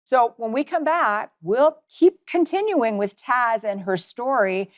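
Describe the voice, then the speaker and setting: A woman's voice: a little high, animated, measured pace, no room sound, clean studio sound. A woman hosting an interview, speaking directly and giving practical advice. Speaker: host.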